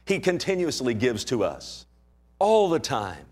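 A man preaching a sermon with passion, firing off rhetorical questions and swinging between loud and hushed delivery. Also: medium pitch, huge pitch swings, a little slow, slightly rough.

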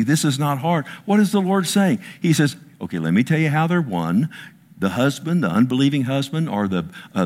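A man in his sixties preaching a sermon to a congregation, swinging from loud, high bursts to slow, low emphasis, with self-mocking asides. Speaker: pastor.

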